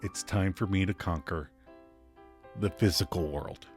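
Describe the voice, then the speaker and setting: A man playing a self-assured, grandiose rich boyfriend in a comic scene read-through, speaking slowly and deliberately. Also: sits low, a little mellow, faint music behind, pitched below the performer's own voice. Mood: solemn.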